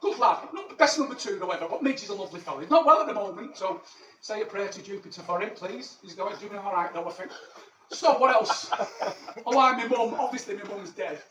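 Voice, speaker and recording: A man's voice: high voice, brisk, crowd noise, lightly acted. Man doing a crude rambling Roman soldier. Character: cheeky ancient Roman soldier living in Manchester. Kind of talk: character stand-up monologue. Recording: echoey, distant mic, background noise.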